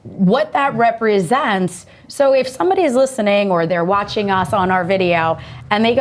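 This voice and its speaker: A woman's voice: medium pitch, normal speed, slight background noise. Curious woman hosting an interview. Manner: friendly, curious, amused. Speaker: interviewer, host. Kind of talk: conversational interview.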